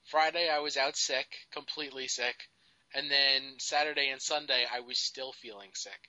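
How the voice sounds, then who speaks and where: Bright, rambling male podcast co-host. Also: medium pitch, steady tone, normal speed, no room sound, dull audio. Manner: rambling, lots of "like". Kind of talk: casual podcast chat.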